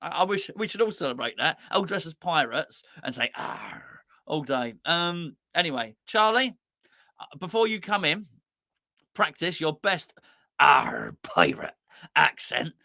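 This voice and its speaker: A man's voice: on the high side, animated, normal speed, bright, forceful tone, dry recording, studio quality. A man with a sore throat, hosting a football fan channel in casual, rambling live chat that mocks itself with many restarts. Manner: rambling, jokey and self-mocking, with many restarts.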